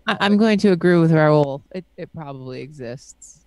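A woman on a podcast panel making deadpan jokes in casual banter. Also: low voice, normal speed, no room sound.

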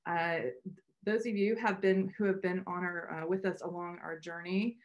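A woman's voice: fairly low pitch, steady tone, normal speed, lo-fi sound. A woman co-founder hosting a meetup on a video call, chatting in a loose, rambling way with many restarts. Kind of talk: casual welcome remarks on a video call.

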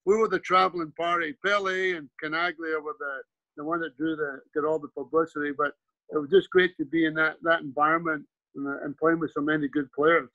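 A man's voice: on the high side, little pitch movement, fairly quick, pushed and bright, dry recording, muffled recording. A Scottish man in his seventies, a former player and coach, telling rambling anecdotes in a casual interview. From Scotland. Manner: rambling anecdotes with frequent restarts and "you know".

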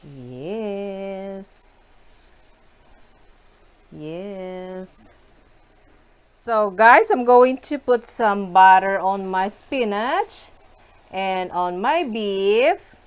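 A woman cooking at home and chatting to her viewers, giggly and excitable. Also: mid-range voice, extremely slow, pauses often, clean tone. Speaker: cooking vlogger. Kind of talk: casual cooking chat to viewers. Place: home kitchen.

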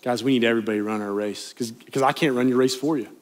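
A man's voice: medium pitch, steady tone, very fast. A young man, a youth pastor, preaching a sermon in a church in an earnest, conversational way, pleading and rising in emphasis. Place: church sanctuary, live congregation.

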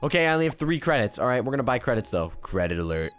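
A man's voice: mid-range voice, sing-song, rapid-fire, fairly bright tone. A young man joking and rambling through casual gameplay commentary, with frequent restarts. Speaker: gaming YouTuber.

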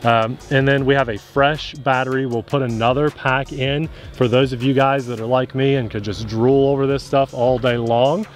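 A man's voice: medium pitch, fairly even intonation, normal speed, hardly any pauses, soft background music. A young adult man, chatty and easygoing, explains what he is doing as he flies a model plane at an outdoor field. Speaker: RC pilot and channel host. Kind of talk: casual outdoor flying commentary.

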